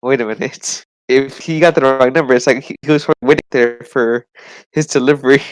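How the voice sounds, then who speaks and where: A man's voice: medium pitch, fairly even intonation, brisk, smooth, dry recording, poor audio. A young man co-hosting a casual podcast, speaking hesitantly with many fillers and restarts. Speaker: podcast co-host. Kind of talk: casual chat.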